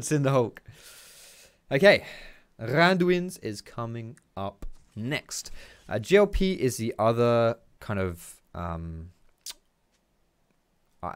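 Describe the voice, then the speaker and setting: A man's voice: mid-range voice, smooth, no room sound, clean studio sound. A young man giving casual, chatty commentary over his own gameplay, swearing and tossing out teasing asides.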